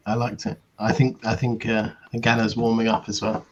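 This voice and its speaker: A man playing in a tabletop game, chatting in a slow, jokey way. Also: on the low side, level tone, muffled recording. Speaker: player. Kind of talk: tabletop role-play chat.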